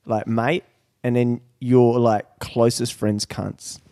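A man's voice: medium pitch, level tone, takes it slowly, mellow, no echo, studio quality. A man with an Australian accent hosting a casual podcast, jokey and full of slang.

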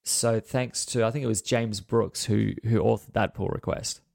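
Australian man, gravelly low voice, dry close mic, relaxed tech podcast co-host. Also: normal speed, dry recording. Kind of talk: casual tech podcast chat.

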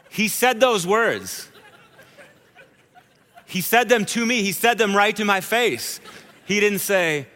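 Male pastor, 30s, sermon, bright forceful voice, echoing hall. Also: high-pitched, unhurried, pauses often. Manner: storytelling, conversational and animated. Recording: hall reverb.

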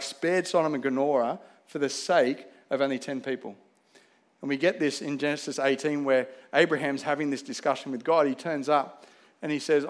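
A man preaching a conversational sermon, acting out bits of dialogue as he teaches. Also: medium pitch. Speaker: pastor.

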